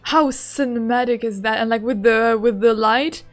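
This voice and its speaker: A woman streaming a game playthrough, excitable and giggly, talking loosely with lots of fillers. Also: fairly high pitch, moderate pace, faint music behind.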